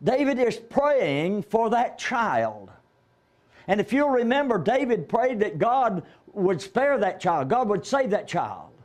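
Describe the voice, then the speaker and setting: A man's voice: sits high, sing-song, takes it slowly. A man preaching a conversational sermon in a church, retelling Bible stories and quoting the figures in his own voice.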